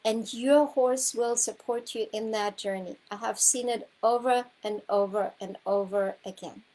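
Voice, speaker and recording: On a low-quality recording, a woman with a steady, mellow voice on the high side speaks at a measured pace. She's a horsemanship coach sharing a personal story with students, rambling and heartfelt, full of restarts, repeats and self-corrections, nearly crying.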